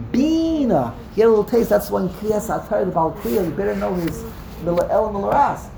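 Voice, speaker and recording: A man's voice: high-pitched, creaky, roomy sound, noisy background. A man teaching a text-study class, explaining emphatically, often repeating words and restarting sentences. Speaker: Torah teacher.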